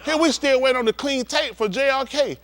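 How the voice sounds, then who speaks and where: A man's voice: extremely high pitch, fairly quick, fairly bright tone. A male pastor preaching bluntly and profanely, heated and confrontational, acting out scenes with volunteers from the congregation.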